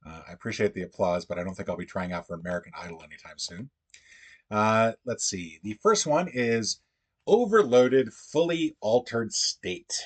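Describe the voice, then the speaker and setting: Casting: low, husky male stream host, halting, musing, talks to chat. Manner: thinks aloud, halting and musing. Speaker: livestream puzzle host. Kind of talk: casual livestream chat.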